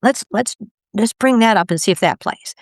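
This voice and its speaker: An older woman, a podcast guest, telling her story in casual conversation and acting out quoted voices with big jumps in pitch. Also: normal speed, no echo, clean studio sound.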